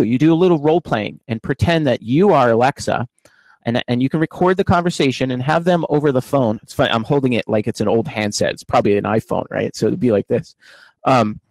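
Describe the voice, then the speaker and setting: A man's voice: medium pitch, darkish tone, no room sound, low-quality recording. Dry-sounding man giving a casual tech talk. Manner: casual, explanatory, many fillers. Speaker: conference speaker. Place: home office.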